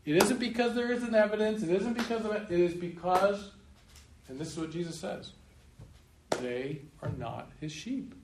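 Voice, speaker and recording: A male pastor giving a sermon emphatically, slowing down to stress key points and chuckling at his own remarks. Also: high-pitched. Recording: roomy room echo, faint noise.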